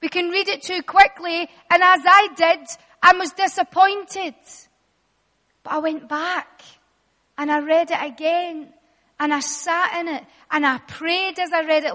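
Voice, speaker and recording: A middle-aged woman delivers a sermon in a very high voice, building emphasis through repetition and dramatic pauses. Her voice carries a long reverb, as if she is speaking in a large church hall. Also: fairly bright tone. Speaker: preacher.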